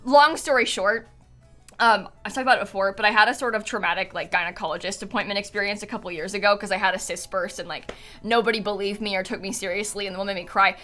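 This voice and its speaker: A woman's voice: medium pitch, pushed and bright. A young woman streaming live, talking casually and rambling with many fillers and nervous laughs, shaken and close to tears. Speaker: game streamer. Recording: faint music behind.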